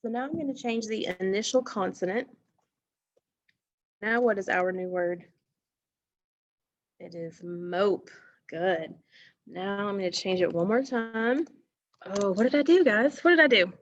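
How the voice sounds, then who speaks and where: A woman teacher leading a phonics lesson for young children, speaking slowly and deliberately, stretching out words and praising the class often. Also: medium pitch, muffled recording. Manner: slow, deliberate, encouraging, stretches words for emphasis.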